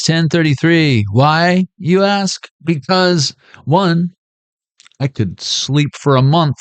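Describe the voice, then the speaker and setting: A man's voice: fairly high pitch, slow, clear, resonant tone, dry recording. A man hosting a casual tarot reading vlog, full of playful jokes and asides. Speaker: tarot reader.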